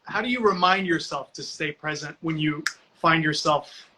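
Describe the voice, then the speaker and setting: A man's voice: a little high, normal speed, bright, forceful tone, slight background noise, low-quality recording. A man hosting a casual live video interview, upbeat and encouraging, often restarting his sentences. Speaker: host.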